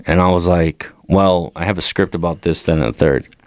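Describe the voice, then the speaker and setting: A young adult man on a comedy podcast, telling profane stories about his dad and mimicking him in a lower, flatter voice. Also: normal speed, dry recording. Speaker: podcast co-host. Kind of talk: casual comedy podcast chat.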